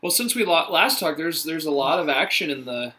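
A man's voice: on the high side, animated, brisk, sharp tone. A man in his twenties co-hosting a podcast, joking and swearing freely in casual chat. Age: 20s. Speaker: podcast co-host.

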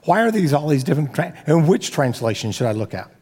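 A man's voice: a little high, sing-song, quick pace, a little mellow, breathy edge. A man preaching a sermon as pastor, talking casually with joking asides and frequent restarts. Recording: long hall reverb.

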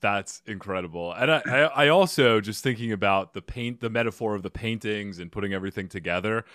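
A man's voice: lowish voice, a little fast, fairly bright tone, no room sound, clean studio sound. A male podcast host asking long, winding questions in an enthusiastic, casual way. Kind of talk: casual interview.

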